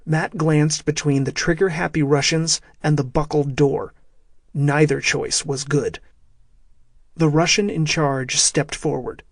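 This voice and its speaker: A man narrating a thriller audiobook in a steady, measured way. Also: a little high, vocal fry, dry recording, clean studio sound.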